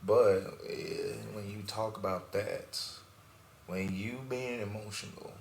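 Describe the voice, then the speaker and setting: Young male podcast host, very low voice, casual slang storyteller, echoey room with faint hiss. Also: steady tone, takes it slowly. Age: young adult. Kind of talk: casual chat.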